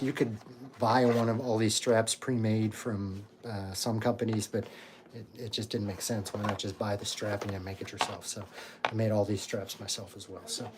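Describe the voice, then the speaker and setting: A man hosts a casual live Q&A and rambles in a friendly, unpolished way, full of ums and uhs. He is pulling off pieces of costume armor as he talks. Steady hiss and clicking run under the recording. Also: lowish voice. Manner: chatty and rambling, with many fillers. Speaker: cosplay channel host.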